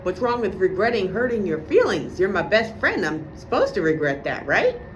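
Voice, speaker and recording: A woman's voice: medium pitch, sing-song, moderate pace, slight background noise. Sarcastic lady ranting on her vlog, swears a lot, voice all over the place. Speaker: vlogger. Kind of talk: casual venting monologue.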